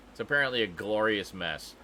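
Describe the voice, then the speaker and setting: Deep-voiced enthusiastic podcast co-host man. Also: lively intonation, moderate pace, sharp tone, slight background noise. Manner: enthusiastic, laughs often. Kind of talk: casual chat.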